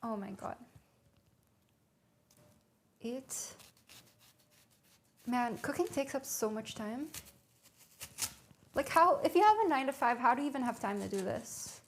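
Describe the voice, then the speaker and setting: A young woman chats with viewers from her home kitchen, reading out recipe steps and musing aloud between them. Her voice sits a little high, and she takes her time with every phrase. Soft kitchen noise hums faintly behind her. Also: expressive, a little slow, long pauses. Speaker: livestreamer. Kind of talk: casual cooking stream chat.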